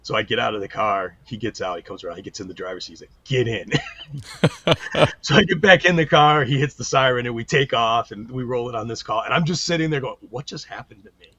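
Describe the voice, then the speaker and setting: Husky middle-aged man, storytelling. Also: mid-range voice, fairly quick. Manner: animated storyteller, acts out quotes. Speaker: retired police chief, guest. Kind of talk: casual storytelling interview. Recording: dull lo-fi sound.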